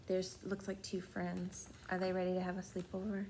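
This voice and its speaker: A woman librarian reading a bedtime story aloud to children, playful and gentle, often sinking into soft hushed tones. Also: on the low side, monotone, normal speed, slight background noise.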